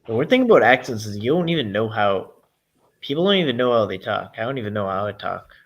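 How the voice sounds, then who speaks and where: A man's voice: lowish voice, very animated, fast, lo-fi sound. A young man from Massachusetts co-hosting a podcast in casual chat, rambling through tangents and laughing often.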